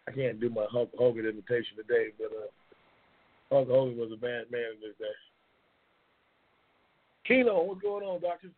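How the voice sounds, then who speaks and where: A man's voice: mid-range voice, moderate pace, long pauses. A man hosting a casual live-stream talk show in a loose, slangy, rambling manner, repeating his phrases. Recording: tinny phone-like line.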